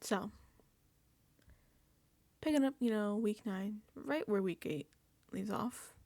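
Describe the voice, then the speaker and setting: A woman's voice: mid-range voice, takes it slowly, mellow, no room sound. A woman recapping a reality TV episode in a casual reaction vlog, sarcastic and exasperated, swearing freely.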